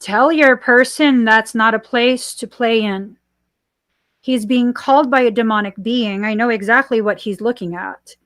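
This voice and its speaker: A woman hosting a spiritual podcast, speaking slowly and earnestly and repeating her warnings. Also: fairly high pitch, fairly bright tone, dry recording. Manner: slow, earnest and warning, with repetitions. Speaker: podcast host. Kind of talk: spiritual channeling chat.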